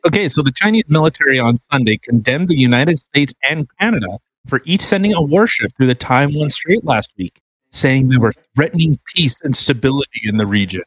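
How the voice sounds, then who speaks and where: A man's voice: medium pitch, expressive, a little fast, fairly bright tone, dry recording, poor audio. A man co-hosting a casual podcast, reading a news article aloud, swearing freely and breaking into laughter. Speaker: podcast co-host.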